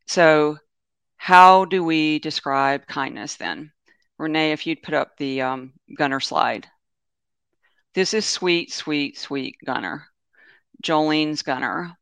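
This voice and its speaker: A man's voice: fairly high pitch, slow pace, gravelly, a bit bright, clear, resonant tone, no echo. A man presenting an informal webinar talk about animals, telling stories in a meandering way that often corrects itself and leans on fillers. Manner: meandering, self-correcting storytelling with many fillers.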